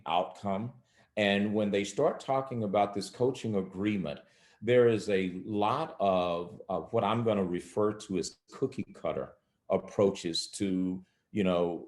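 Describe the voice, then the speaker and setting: Low-voiced man teaching in an echoey room. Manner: measured, teaching with example phrasings. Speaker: coaching expert guest. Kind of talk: instructional interview talk. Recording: roomy echo.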